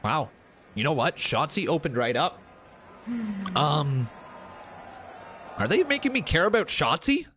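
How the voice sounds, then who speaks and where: High lively dude reacting live to wrestling, yells and swears at the screen. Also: male voice, a little slow, long pauses, slight background noise. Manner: loud, exclamatory, swearing, talks to viewers. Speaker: live stream watch-along host. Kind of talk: excitable live reaction commentary.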